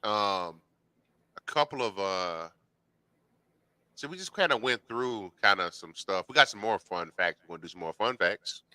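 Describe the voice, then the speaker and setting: Bright-voiced man, laughing banter. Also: on the low side, expressive, normal speed, clean tone, no room sound. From Alabama, US South. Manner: laughs often, easygoing banter. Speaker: podcast co-host. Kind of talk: casual podcast chat.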